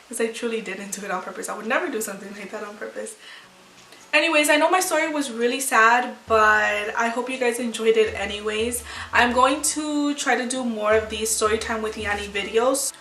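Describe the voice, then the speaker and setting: A woman's voice: a little high, moderate pace, bright, forceful tone, soft background music. A young woman vlogger telling a personal story to camera in a rambling, emotional way with many restarts. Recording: echoey room, far from mic.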